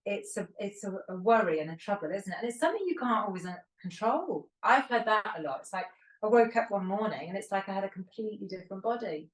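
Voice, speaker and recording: A woman's voice: mid-range voice, lively intonation, quick pace. Candid woman co-host, roomy and distant. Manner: candid, rambling storyteller. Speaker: podcast co-host. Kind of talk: casual chat. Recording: roomy echo, distant from the mic.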